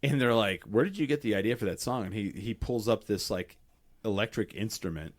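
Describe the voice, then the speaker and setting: A man's voice: fairly low pitch, brisk. A man hosting a casual podcast chat, telling stories with lots of swearing and acting out what people said. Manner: profane, animated storytelling acting out quotes. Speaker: podcast host.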